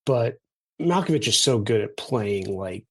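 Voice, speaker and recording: A man chatting on a movie podcast, telling stories in an animated way and laughing often. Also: on the low side, a little slow, breathy edge. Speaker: podcast co-host. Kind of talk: casual movie podcast chat.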